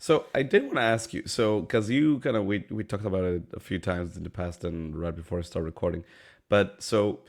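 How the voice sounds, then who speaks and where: A man's voice: sits low, a little fast. A man co-hosting a casual podcast with a stuffy, slightly sick voice, loose and offhand, swearing casually. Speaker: podcast co-host.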